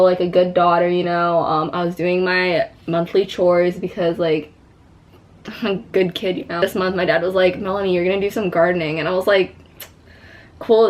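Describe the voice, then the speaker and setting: A woman's voice: fairly low pitch, highs cut off. A young woman vlogging at home, telling a story in a chatty, casual way, filling her talk with "like" and "you know.". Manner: chatty, many "like" fillers, re-enacts her own screams.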